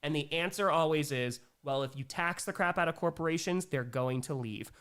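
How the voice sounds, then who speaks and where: A man's voice: on the high side, moderate pace, fairly bright tone, clean tone. A young man hosting a casual livestream Q&A, reading viewer messages aloud and reacting emphatically. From New York. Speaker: livestream host.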